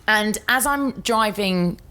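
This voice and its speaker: An English woman hosts a podcast in a casual, conversational voice at a middling pitch. She tells her story chattily, wandering through asides and restarts. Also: slow, bright, forceful tone, clean tone. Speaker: podcast host.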